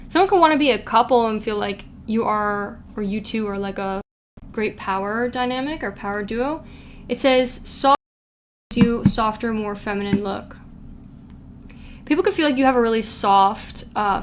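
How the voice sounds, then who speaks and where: A woman's voice: a little high, fairly quick, slight background noise. A young woman giving a casual pick-a-card tarot reading, chatty and giggly, reading quotes aloud with playful asides. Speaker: tarot reader.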